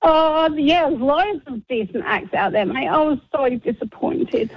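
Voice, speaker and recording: A woman's voice: high voice, expressive, measured pace, no echo. A woman with an Australian accent calling into a radio show, friendly and easygoing. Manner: friendly, easygoing, laid-back. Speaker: radio caller. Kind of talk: phone-in chat. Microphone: phone line. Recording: muffled phone line.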